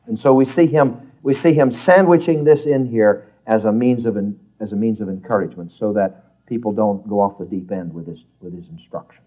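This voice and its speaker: A man's voice: lowish voice, steady tone, normal speed, mellow. A man teaching a Bible class in an earnest, emphatic, folksy way.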